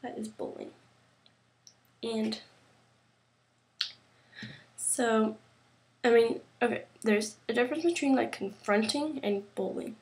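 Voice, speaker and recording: Rambling teen girl vlogger, creaky voice. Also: fairly high pitch, a little mellow, slight background noise. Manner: rambling, halting, many fillers and restarts. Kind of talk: casual talk to camera.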